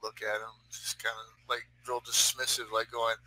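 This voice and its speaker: A man's voice: medium pitch, monotone, normal speed, few pauses, bright, forceful tone, no echo, rough recording. A man chatting casually as a player at a tabletop game, loose and joking. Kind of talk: casual chat at a gaming table.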